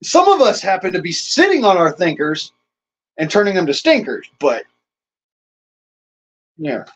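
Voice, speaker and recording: A man's voice: high voice, wildly swooping pitch, unhurried, slightly rough, low-quality recording. A man hosting a livestream, ranting casually to his chat in a crude, rambling way and chuckling often. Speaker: livestream host.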